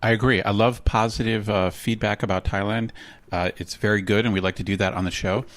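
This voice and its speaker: A man's voice: fairly low pitch, fairly even intonation, a little fast, a bit bright. An American man in his forties co-hosting a podcast, reading promos with dry humor in a casual chat. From United States. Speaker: podcast co-host.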